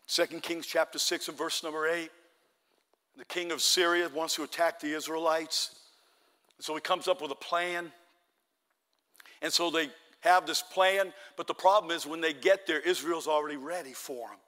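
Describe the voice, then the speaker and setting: A man preaching a sermon in a church, telling Bible stories with lively acted-out voices and rising to shouts at the high points. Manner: animated storytelling, acts out Bible characters, shouts at peaks. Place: church hall. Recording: long reverb of a hall.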